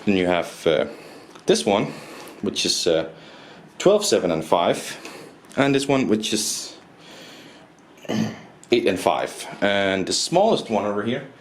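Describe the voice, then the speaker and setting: A man's voice: fairly low pitch, big pitch swings, slow pace, echoey room, a little hiss or hum. A man from Denmark reviewing a board game, talking casually and rambling, often repeating and correcting himself. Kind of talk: casual review with rules walkthrough.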